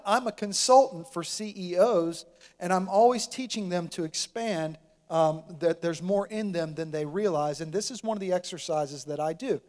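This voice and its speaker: A man preaching a sermon, telling a story with lively, acted-out quotes and asking the congregation to respond. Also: high voice. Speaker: pastor.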